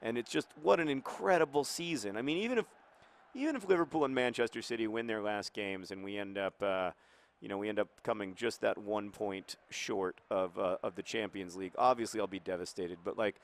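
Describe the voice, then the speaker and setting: A man's voice: fairly low pitch, fairly quick, vocal fry. A man giving casual commentary over a football video game, playing the club's manager in a hesitant, rambling way with many fillers. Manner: earnest mock-manager tone.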